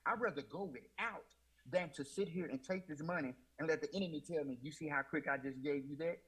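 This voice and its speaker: A man's voice: fairly high pitch, a little fast, fairly bright tone, breathy edge, rough recording. A man telling his personal faith testimony in an emotional, repetitive storytelling way, often quoting himself with "I said.". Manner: emotional, repeats "I said", Southern US Black church speech. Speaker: guest.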